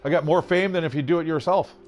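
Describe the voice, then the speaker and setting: A man's voice: a little high, fairly even intonation, fast. A man giving casual gameplay commentary, swearing freely and reading the game's text aloud as he plays. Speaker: gaming channel host.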